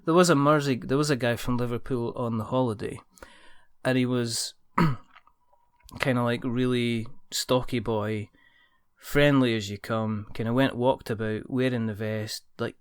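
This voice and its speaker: A man's voice: mid-range voice, fairly even intonation, moderate pace, clear, resonant tone, no echo, clean studio sound. A man hosting a podcast, chatty and telling stories in casual conversation. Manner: chatty, storytelling, laughs at own impressions. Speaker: podcast host. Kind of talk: casual chat.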